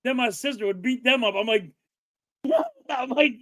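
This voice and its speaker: A middle-aged man tells a laughing, rambling story on a casual talk show. His voice is unusually high for a man. It also has a bright, sharp edge. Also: measured pace. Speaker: podcast co-host.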